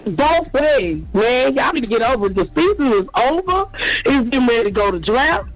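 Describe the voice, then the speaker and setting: High-voiced guy trash talking rival fans on his sports channel, petty and mocking. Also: sing-song, normal speed, a bit bright, no room sound, low-quality recording.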